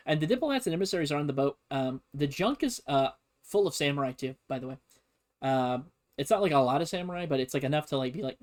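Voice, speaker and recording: A man's voice: on the high side, animated, fast. A man casually teaching history on a stream, rambling and joking with lots of fillers. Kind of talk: casual comedic history lesson.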